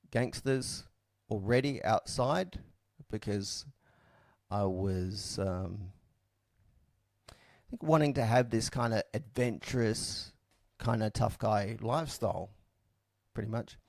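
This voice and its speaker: Low-voiced man, dry and frank. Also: a little mellow, no room sound. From Australia. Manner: reflective, frank, with frequent fillers and restarts. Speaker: podcast guest telling his story. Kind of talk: casual storytelling.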